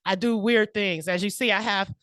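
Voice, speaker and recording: A woman's voice: medium pitch, normal speed, a bit bright, no echo. A woman giving a prepared, personal speech at a club meeting, laughing often and close to tears. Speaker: club speaker. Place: meeting room.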